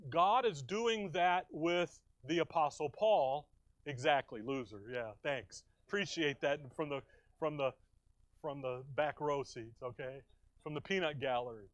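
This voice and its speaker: Middle-aged guy from chicago preaching, jokey asides, kinda high voice. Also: a little slow, dry recording, dull audio. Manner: folksy, joking asides to the congregation. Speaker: pastor. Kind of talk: sermon. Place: church.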